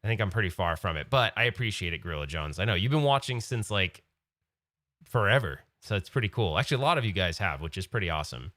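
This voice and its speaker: A man's voice: sits low, very animated, quick pace, a bit bright, no echo, clean studio sound. A man hosting a live-stream podcast in casual chat, rambling and getting sidetracked. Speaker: podcast host.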